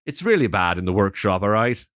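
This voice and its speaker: A cheeky little Irish boy doll, put on by a man, cheerful on top and creepy underneath. The pitch is raised and jumps around a lot. The recording is dry and close. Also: big pitch swings, a little fast, a bit bright, no echo. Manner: cheerful, cheeky, faintly sinister.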